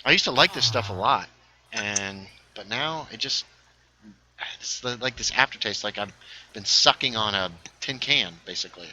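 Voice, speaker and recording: A young man streams a game and chats casually, a little tipsy and rambling with plenty of fillers. His voice is very bright and sharp, and his pitch swings up and down a lot. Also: animated, moderate pace, slight background noise, low-quality recording. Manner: rambling, chatty, with many fillers. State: slightly tipsy. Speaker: livestreamer. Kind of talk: casual gaming stream chat.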